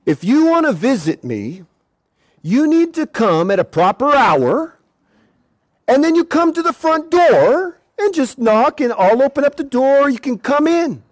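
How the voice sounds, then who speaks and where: A male preacher giving an animated evangelistic sermon at an outdoor gathering, repeating words and shouting at times. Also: extremely high pitch, unhurried, no room sound.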